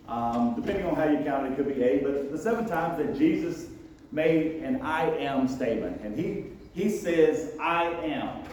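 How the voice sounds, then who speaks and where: A man preaching a sermon as pastor, in a relaxed, joking, conversational way with lots of asides. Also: mid-range voice. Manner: casual and joking, with many asides. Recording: very echoey room, mic far off, faint noise.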